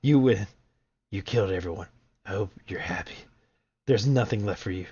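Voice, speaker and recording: A man voicing a distraught young female game character, reading her dialogue aloud in a raised falsetto over dull lo-fi stream audio. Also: normal speed, warm tone, breathy edge. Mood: accusing.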